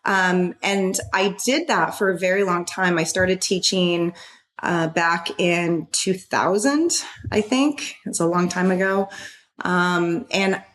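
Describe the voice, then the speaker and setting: Female fitness coach, podcast guest, warm and thoughtful, lowish pitch, casual chat. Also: slow pace. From Washington state. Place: office.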